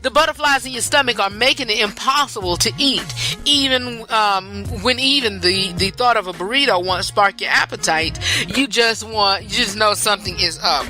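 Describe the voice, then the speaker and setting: A woman's voice: mid-range voice, normal speed, bright, forceful tone, faint music behind. A woman hosting a podcast, talking in a rambling, chatty way, often repeating herself. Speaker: podcast host. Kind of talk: casual talk-show monologue.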